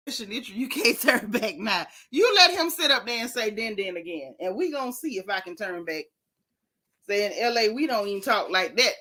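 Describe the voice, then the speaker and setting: A middle-aged woman, casually recapping reality TV in an animated, sassy way. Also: fairly high pitch. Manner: animated, sassy, exclaiming, drawn-out emphasis. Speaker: show recap host.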